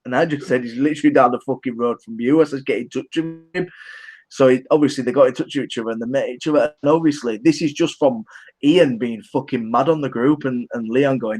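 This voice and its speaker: A man's voice: medium pitch, a little fast, darkish tone. A man co-hosting a casual podcast chat, rambling and swearing heavily. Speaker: podcast co-host.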